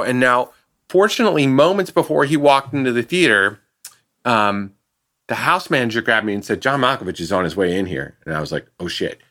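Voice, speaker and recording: A man, a guest sound designer, telling an animated anecdote on a podcast and acting out the people he quotes. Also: mid-range voice. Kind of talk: casual podcast storytelling.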